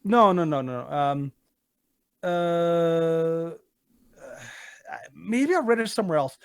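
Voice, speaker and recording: Man, podcast co-host, somewhat high voice, rambling emphatic chat, dry close sound. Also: expressive, slow pace, clean tone, dry recording. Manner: rambling, searches for words, emphatic. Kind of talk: casual opinionated chat.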